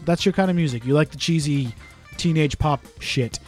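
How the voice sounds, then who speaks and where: Podcast co-host, young man, fairly high voice, sarcastic teasing banter, faint music behind. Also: moderate pace, darkish tone. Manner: teasing, sarcastic, swears freely. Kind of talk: casual banter.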